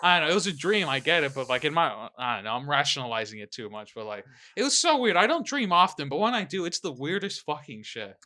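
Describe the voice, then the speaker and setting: A young man co-hosting a casual podcast, telling a profane, animated story at home. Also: on the high side, fast talker, hardly any pauses. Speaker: podcast co-host. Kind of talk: casual chat. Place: home room.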